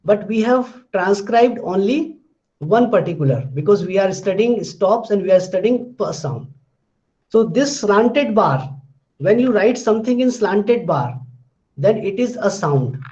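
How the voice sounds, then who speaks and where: High-voiced man giving a slow phonetics lecture. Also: mellow. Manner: slow, repetitive explaining with many restarts. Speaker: linguistics lecturer. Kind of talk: recorded classroom lecture. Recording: dull lo-fi lecture recording.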